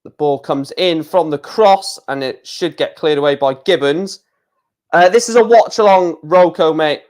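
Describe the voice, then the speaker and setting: A man hosting a live football watch-along, calling the play with fillers and erupting into shouts at big chances and goals. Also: on the high side, normal speed. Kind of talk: live football match commentary and reaction.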